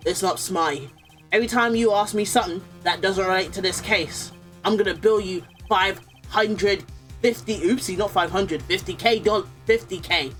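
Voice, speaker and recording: A woman voicing a hot-headed male loan shark thug in a video game, using gruff, threatening street slang and a Brooklyn accent that comes out sounding Australian. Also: mid-range voice, normal speed, faint music behind, natural voice. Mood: menacing. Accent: Brooklyn attempt, sounds Australian. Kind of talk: reading game dialogue aloud.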